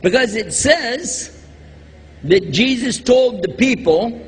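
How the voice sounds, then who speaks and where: A man's voice: very high voice, expressive, slow, husky. A man from Texas, preaching a religious lecture to a live audience, joking and quizzing the crowd. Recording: long hall reverb, faint background noise.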